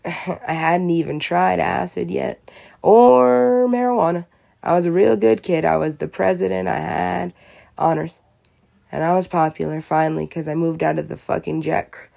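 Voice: medium pitch, vocal fry, a little mellow. A vlogger in a rambling, profane, conspiratorial monologue.

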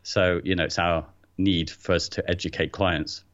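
A man's voice: low voice, flat delivery, normal speed, fairly bright tone, muffled recording. A man co-hosting a podcast in casual chat, often repeating words as he starts a thought. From England. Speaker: podcast co-host.

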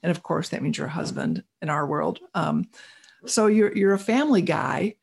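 Gravelly, husky-voiced interviewer. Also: mid-range voice, lively intonation, moderate pace. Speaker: interviewer, producer. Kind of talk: conversational interview.

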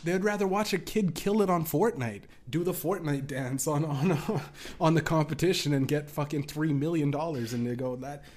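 A man's voice: fairly high pitch, normal speed, a little mellow. Profane rambling young male podcaster. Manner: profane, rambling, laughing asides. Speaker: solo podcast host. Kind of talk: casual podcast rant.

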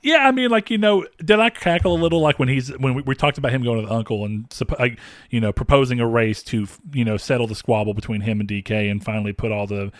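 A man's voice: mid-range voice, fast, dry recording, clean studio sound. Rambling Southern man podcast host. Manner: rambling, laughs often, many fillers. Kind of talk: casual chat.

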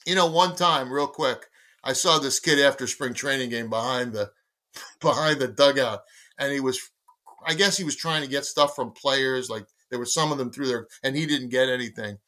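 A man being interviewed as a guest, telling anecdotes in a conversational, animated way and acting out the dialogue of the people in them. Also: mid-range voice, moderate pace. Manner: animated storyteller who acts out quoted dialogue. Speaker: guest, baseball editor and former team publicist.

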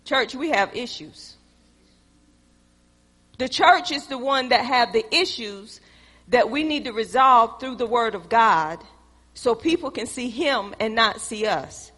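A woman's voice: fairly high pitch, expressive, unhurried, a bit bright, husky, long reverb tail. A woman preaching a sermon, emphatic and conversational with playful asides.

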